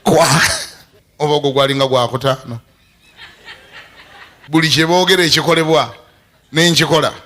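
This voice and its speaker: Bishop, man, fairly high and bright voice, lively sermon with laughter and sudden shouts. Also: fairly quick, long pauses. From Uganda. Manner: animated, laughing, bursts into shouts.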